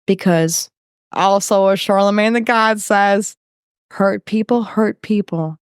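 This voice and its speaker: A woman's voice: mid-range voice, clean tone, no room sound, clean studio sound. A woman from New York talking loosely as a podcast guest, full of fillers and tangents. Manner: slow, loose and talkative, with fillers. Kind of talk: casual interview chat.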